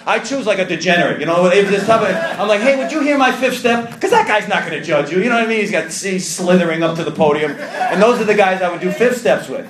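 Animated male storyteller in an echoey room. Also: high-pitched, fast, few pauses, noisy background. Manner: animated, acts out quoted voices, self-mocking humor. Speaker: recovery meeting speaker. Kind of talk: personal storytelling to a live audience.

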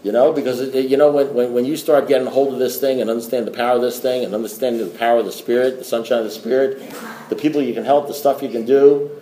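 A man's voice: mid-range voice, fairly even intonation, fast, dark tone, reverberant, a little hiss or hum. A middle-aged man speaking to a recovery meeting, telling a story in a rambling way with restarts and wry asides. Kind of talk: storytelling talk to a group.

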